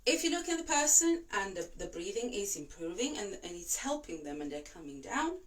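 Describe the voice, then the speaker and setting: A woman, a voice and breathing coach whose first language is not English, giving calm, reassuring instructions and demonstrating slow breaths. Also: mid-range voice, distant mic. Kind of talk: instructional talk to camera.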